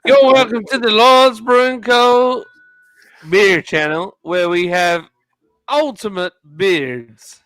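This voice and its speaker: A man putting on a loud, boastful Texan drawl. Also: high voice, slow pace, dry recording, pitched above the performer's own voice. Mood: rowdy.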